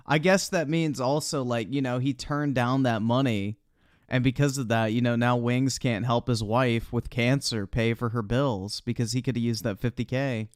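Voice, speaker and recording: A man's voice: mid-range voice, a little slow, dry recording, studio quality. A man giving casual, profane commentary on a live stream as he reacts to clips, laughing often. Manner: laughs often, swears freely.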